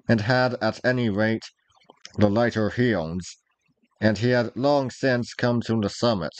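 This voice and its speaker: A man reads an old adventure novel aloud in measured, deliberate storybook narration. His pace is slow and his voice sits in a middle range. The recording is dry and close. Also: mid-range voice, darkish tone, no room sound, low-quality recording. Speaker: reader, narrator.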